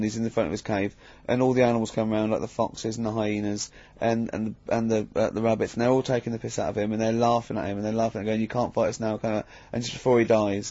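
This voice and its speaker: A man's voice: on the low side, darkish tone, no echo. Brief: male radio co-host, rambling banter, dry close sound, dull lo-fi audio.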